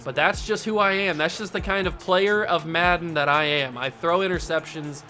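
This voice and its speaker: Excitable man commentating his own gameplay. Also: on the high side, moderate pace, a little hiss or hum. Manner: animated, mock-outraged, jokey. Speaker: gaming YouTuber host.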